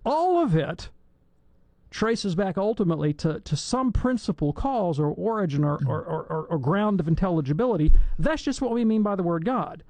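A man's voice: high voice, expressive, moderate pace, a little mellow, no room sound. A man from Alabama answering listener questions on a call-in radio show, chatty and jokey with rambling digressions. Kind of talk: casual radio Q&A.

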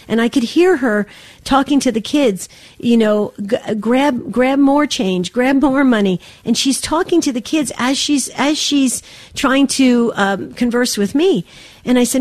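A woman's voice: mid-range voice, moderate pace, darkish tone, dry recording. A woman hosting a radio pledge drive, earnestly urging listeners and telling a moving story while under the weather. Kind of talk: on-air fundraising appeal and storytelling. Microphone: studio microphone.

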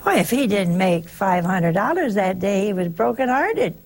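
A woman's voice: mid-range voice, big pitch swings, moderate pace, darkish tone. A woman giving a conversational sermon in a folksy way, often turning to the listeners with rhetorical questions. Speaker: preacher.

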